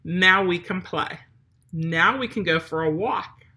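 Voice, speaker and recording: A woman with a lowish voice, speaking a little slowly in a pushed, bright way, addresses the viewer directly. She's a dog trainer giving chatty, straightforward potty-training instructions.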